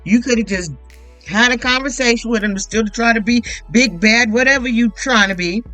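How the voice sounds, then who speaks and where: Brief: woman host, casual profane recap, animated quotes, bright tense tone, light music behind. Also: fairly high pitch, moderate pace, dry recording, low-quality recording. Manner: blunt, profane, animated retelling with quoted voices. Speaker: YouTube reality TV commentator.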